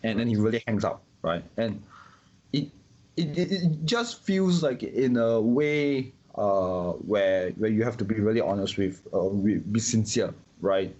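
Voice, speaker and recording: A Singaporean man in casual conversation, talking in an animated way with many restarts and repeated words. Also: lowish voice, a little slow, lo-fi sound. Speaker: guest.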